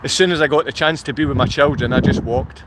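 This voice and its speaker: A Scottish man with a mid-range, fairly bright voice talks quickly, with a little hiss or hum on the recording. Outdoors in a car park, he rambles through a live-stream monologue, answering viewer comments along the way.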